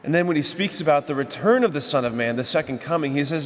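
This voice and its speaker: A man's voice: fairly high pitch, lively intonation, fast talker, in a large hall. A man, a priest, preaching a homily in a conversational way, asking the congregation rhetorical questions. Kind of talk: sermon. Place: church.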